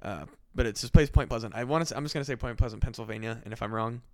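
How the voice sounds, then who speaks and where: A man's voice: mid-range voice, very fast, no echo. A man hosting a podcast, telling a story in rambling casual chat full of fillers and swearing. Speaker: podcast host.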